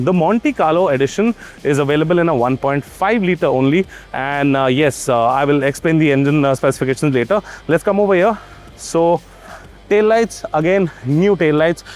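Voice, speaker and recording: A man's voice: fairly high pitch, darkish tone. A man reviewing a car on the spot, chatty, pointing out details with frequent fillers. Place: at a parked car, on site.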